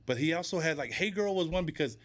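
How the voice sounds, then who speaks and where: Man, podcast guest, rapid speech, lively storyteller, casual chat. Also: fairly high pitch. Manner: animated storyteller who acts out quoted voices.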